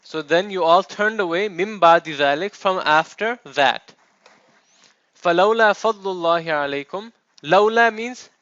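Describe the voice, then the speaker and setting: A man's voice: on the high side, sharp tone, dry recording. A man teaching a classroom lecture, explaining step by step and checking in with his students. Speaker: Arabic teacher. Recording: dull, dry classroom recording.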